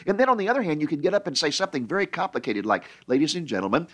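A middle-aged man preaching a sermon and telling stories in an animated way, often stammering and repeating words. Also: on the high side, very fast. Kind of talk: sermon storytelling.

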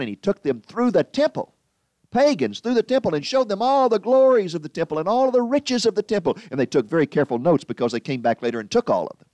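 A man preaching a sermon with emphatic delivery, slowing down to read scripture. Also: a little mellow, no room sound. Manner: emphatic, swinging pitch for stress, slows on scripture.

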